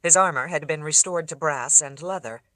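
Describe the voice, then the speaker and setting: An audiobook narrator reading fantasy fiction in a steady, measured way on a close mic. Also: mid-range voice, dry recording.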